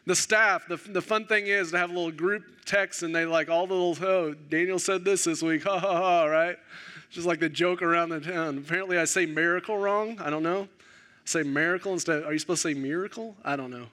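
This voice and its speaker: A male pastor preaching a sermon, animated and self-deprecating, acting out the dialogue of the story. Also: fairly high pitch, a little fast.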